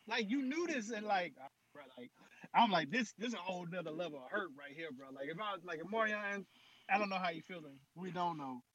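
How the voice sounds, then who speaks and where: A young man with a high, bright voice trades slangy banter in a casual podcast. A slight husk sits in his tone, and the recording sounds dull and lo-fi. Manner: animated, laughing, slangy banter.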